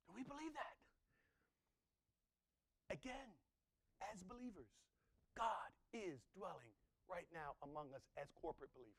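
High-voiced animated male preacher. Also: moderate pace, long pauses. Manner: animated, swinging between loud exclamations and hushed asides. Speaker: pastor. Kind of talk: sermon.

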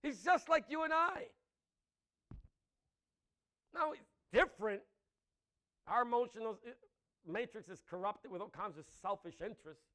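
A man preaching a sermon with passion, moving between loud emphatic lines and soft, intimate ones, laughing between points. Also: high-pitched, expressive, normal speed, pauses often. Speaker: pastor.

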